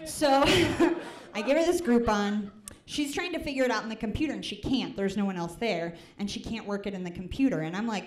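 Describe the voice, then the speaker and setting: A young stand-up comedian from the American Midwest speaks fairly quickly in a mid-range voice, performing for a live club crowd. She's chatty and pokes fun at herself, leaning on "like" and "right?", with the room's echo audible.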